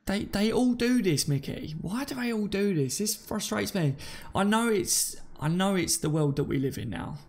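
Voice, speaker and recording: A man hosts a live fan stream in a loose, matey way, greeting viewers by name and reading their comments aloud. His voice sits a little high with a gravelly edge. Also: lively intonation, moderate pace, a little mellow. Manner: chatty and matey, calls listeners mate and buddy.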